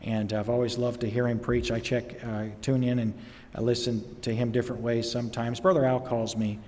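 Chatty pastor in a reverberant church. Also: male voice, medium pitch, level tone, a little mellow, a little hiss or hum. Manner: chatty, halting, many fillers. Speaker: visiting pastor. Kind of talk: informal talk from the pulpit. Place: church sanctuary. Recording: long reverb in a church hall.

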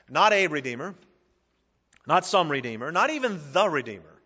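A male pastor preaching a sermon to a congregation, swinging from emphatic declarations to hushed, drawn-out phrases. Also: on the high side, sing-song. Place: large hall with an audience. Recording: long hall reverb.

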